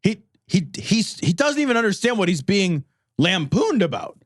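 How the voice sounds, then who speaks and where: A man's voice: sits high, sing-song, moderate pace, dry recording, studio quality. A man co-hosting a podcast, chatting sarcastically and laughing often. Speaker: podcast co-host. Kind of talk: casual comedic chat.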